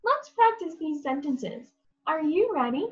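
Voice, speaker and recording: A woman with a North American accent teaching English to young learners, with encouraging, drawn-out words and frequent praise. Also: high voice, sing-song, dull audio. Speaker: ESL teacher.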